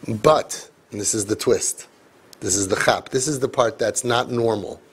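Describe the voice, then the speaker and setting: A man, a parenting coach, speaking to a live audience in an animated, joking way with quick asides. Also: lowish voice, breathy edge. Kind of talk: live parenting seminar talk.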